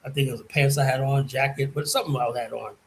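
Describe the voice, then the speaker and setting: A man streaming a casual monologue, telling a story in a rambling, profane way that swings from muttering to loud emphasis. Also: mid-range voice, fairly even intonation, fast talker, vocal fry, a little hiss or hum, low-quality recording. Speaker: streamer and commentator.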